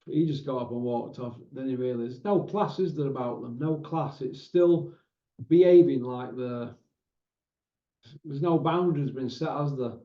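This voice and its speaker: A boxing commentary host with a mid-range voice speaks at a measured pace, ranting in frustration and tacking tag questions onto his remarks. The sound is roomy, muffled and lo-fi.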